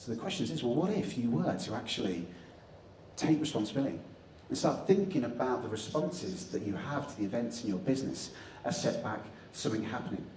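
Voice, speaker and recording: Lively man on an echoey stage. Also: mid-range voice, fairly quick, slight background noise. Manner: animated, jokey, leads audience chants. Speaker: motivational speaker and magician. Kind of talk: live stage talk with audience participation. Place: conference hall stage. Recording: echoey hall, distant mic, faint ambience.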